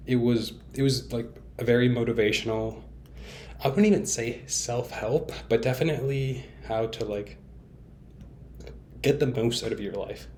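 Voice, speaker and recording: A man's voice: mid-range voice, fairly even intonation, moderate pace, a little mellow, slight background noise. A young man talking candidly and at length in a casual vlog monologue, rambling with fillers and restarts and poking fun at himself. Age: young adult. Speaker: vlogger.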